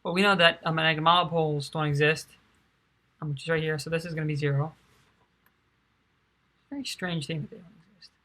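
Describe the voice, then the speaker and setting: A tired young woman quietly working through a physics derivation, thinking aloud in a soft, low-key way with many fillers. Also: fairly even intonation, a little fast, pauses often. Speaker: physics tutor.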